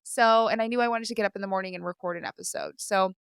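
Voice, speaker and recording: Hosting her own podcast, a young woman chats in a candid, casual way, heavy on fillers and teary and sniffling at times. She talks fast at a medium pitch with a steady tone, her voice gravelly yet smooth. A studio microphone delivers clean studio sound with no room sound.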